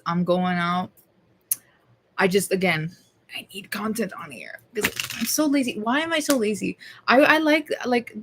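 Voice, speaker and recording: A woman's voice: medium pitch, fairly bright tone. A young woman vlogger talking casually to her camera, rambling, swearing and mocking herself.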